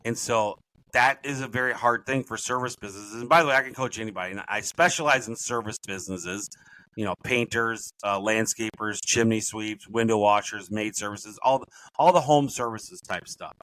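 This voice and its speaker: The speaker, a middle-aged podcast guest who works as a business coach, meanders through his stories and revises himself as he goes in a relaxed interview. His voice is on the low side, at a normal speed, with a pushed, bright quality, heard over poor audio.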